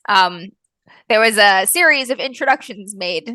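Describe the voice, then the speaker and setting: A woman's voice: medium pitch, expressive, unhurried, long pauses, sharp tone, no room sound. A woman player recapping the last tabletop session in a casual way, laughing often and swearing lightly. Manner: laughs through her sentences, swears casually.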